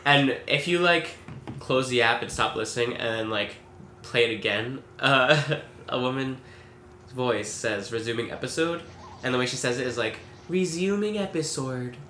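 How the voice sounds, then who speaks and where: A man co-hosting a casual gameplay commentary podcast, jokey and quick to laugh. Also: medium pitch, sharp tone, a little hiss or hum. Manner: giggly, jokey, quick asides. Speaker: podcast co-host.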